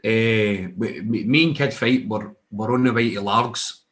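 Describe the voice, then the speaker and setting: A man's voice: lowish voice, measured pace, a bit bright. A young Scottish man, a wrestler, casually telling rambling anecdotes in an interview, with many restarts and laughs. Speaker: wrestler guest.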